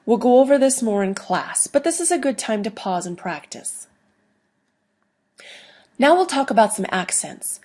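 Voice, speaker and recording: A woman teaching a recorded online lesson, explaining slowly and deliberately with playful asides. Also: on the high side, animated. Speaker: language teacher.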